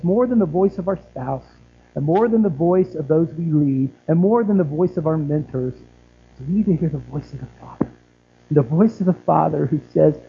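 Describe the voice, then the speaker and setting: A man preaching a sermon earnestly, often asking the listeners questions. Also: fairly high pitch. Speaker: pastor. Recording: tinny phone-like band.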